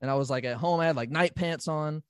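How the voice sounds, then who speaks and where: A man's voice: on the high side, fast talker, smooth, dry recording. A man in casual podcast chat, telling a story with lots of swearing and acting out his own panicked reactions. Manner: profane, excitable, acts out his own reactions.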